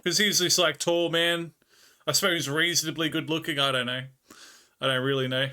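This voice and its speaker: A man's voice: fairly high pitch, fairly even intonation, normal speed, sharp tone, smooth. A man with an Australian accent chatting with viewers on a live stream, telling rambling stories and laughing often. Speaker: livestreamer. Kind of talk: casual chat with viewers.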